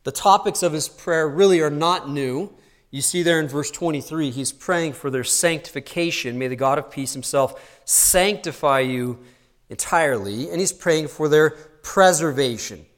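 A man preaching an expository sermon to a church congregation in an earnest, teacherly way, sometimes dropping to a soft, intense tone. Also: a little high, normal speed. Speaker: pastor.

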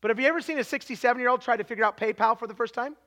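High bright-voiced guy in his 40s preaching, animated storytelling, trips over his words a lot. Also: racing. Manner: animated storytelling with many restarts, dropping to a hushed tone for confession. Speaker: pastor. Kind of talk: sermon.

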